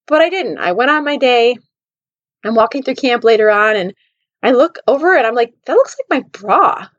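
A woman in her thirties hosting a podcast, telling personal stories in an animated, heartfelt way. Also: fairly high pitch, moderate pace, no room sound, muffled recording. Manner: animated, emotional storytelling with laughs. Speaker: podcast host. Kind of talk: storytelling podcast monologue.

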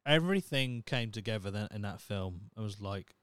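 A man's voice: lowish voice, lively intonation, normal speed, a bit bright, clear, resonant tone, no room sound. A young man hosting a solo podcast, talking in a blunt, sweary, opinionated way. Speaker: podcast host. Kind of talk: casual solo podcast rant.

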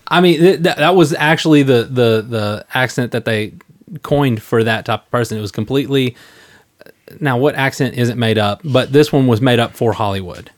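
A man co-hosting a podcast, explaining things in an animated, stammering way. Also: mid-range voice, moderate pace. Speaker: podcast co-host. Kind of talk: casual group chat about a tabletop game.

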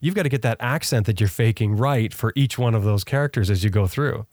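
A man's voice: fairly low pitch, brisk, a little mellow. A man hosting a podcast who chats casually and teasingly coaxes his guest along. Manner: teasing, coaxing, chatty. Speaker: podcast host.

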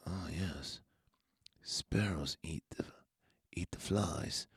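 A man voicing a madman asylum inmate who craves lives, hushed, breathy and eager. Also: low-pitched, huge pitch swings, unhurried, no echo, clean studio sound, full character voice. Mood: creepy craving.

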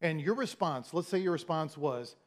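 The pastor's voice runs on the high side, animated and moderately paced. His sermon unfolds as a conversational story, full of restarts and quoted lines he performs in character.

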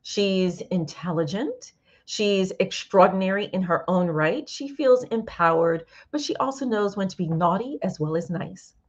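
Woman, sex coach guest, animated storyteller, medium pitch, slightly dull lo-fi sound. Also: a little slow. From New York (Brooklyn). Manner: animated storyteller, voices other people in her anecdotes. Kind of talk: casual interview chat.

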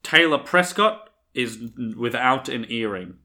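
A male player sorting through clues step by step in casual chat. His voice is bright and forceful and sits in a middle pitch. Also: animated, measured pace. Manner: thinking aloud, methodical. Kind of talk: casual puzzle-solving chat.

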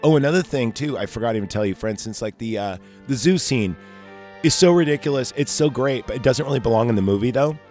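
A man's voice: medium pitch, fast talker, darkish tone, faint music behind. A man hosting a podcast, talking casually and profanely about a movie, rambling and interrupting himself. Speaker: podcast host.

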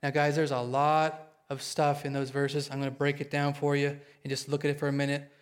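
A man preaching a sermon to his congregation, excitable and quick, often checking in with them. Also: a little high. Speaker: pastor.

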